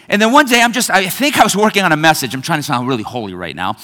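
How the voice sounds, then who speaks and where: A middle-aged man delivers a sermon with animated storytelling, slipping into family voices. His voice sits a bit high and rings bright and forceful. A long reverb from the church hall trails every phrase. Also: rapid-fire, few pauses. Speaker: pastor.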